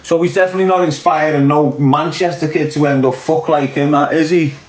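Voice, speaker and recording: A man's voice: fairly high pitch, steady tone, a little fast, a little hiss or hum. A man with a Liverpool accent ranting on a podcast, blunt and sweary, repeating his points for emphasis. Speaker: podcast commentator. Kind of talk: opinionated podcast rant. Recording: echoey room.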